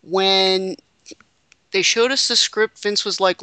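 A woman's voice: medium pitch, lively intonation, a little slow, pushed and bright, no room sound. A woman hosting a casual podcast chat, reading quotes aloud with joking asides. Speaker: podcast host.

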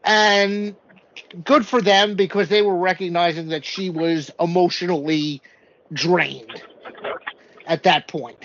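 A man's voice: sits high, slow, lo-fi sound, a little hiss or hum. A man co-hosting a podcast, recapping a TV episode in casual chat and acting out what people said. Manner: animated storytelling, acts out quotes. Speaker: podcast co-host.

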